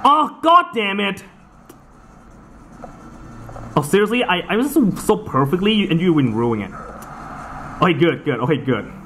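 Excitable man groaning through a match. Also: on the high side, a little fast, slight background noise. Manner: excitable, swears and groans at the game. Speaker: gameplay commentator. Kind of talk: casual let's-play commentary.

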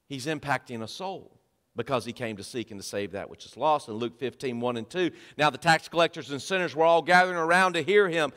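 A man preaching a sermon as pastor of a church, swinging between loud emphatic lines and quiet low drops. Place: church sanctuary. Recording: long reverb of a church hall.

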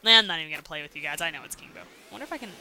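A woman casually commenting on a video game as she plays, chatty and excitable, breaking into sudden loud exclamations and silly rhymes, on a home mic without a pop filter. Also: low-pitched, racing, background noise. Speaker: let's play host. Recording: game music behind voice. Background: game music.

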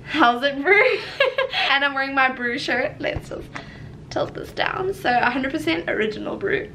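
A woman's voice: high-pitched, moderate pace, gravelly, bright, forceful tone, slight background noise. A young woman with a South African accent, chatting casually and laughing often as a vlogger. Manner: giggly, upbeat, laughs often. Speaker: vlogger host. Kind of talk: casual chat. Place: home room lit by a ring light.

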